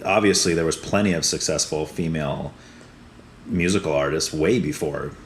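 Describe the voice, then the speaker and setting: A man hosting a casual podcast chat, asking probing questions and gently pushing back. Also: extremely low pitch, moderate pace, a little hiss or hum. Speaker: podcast host.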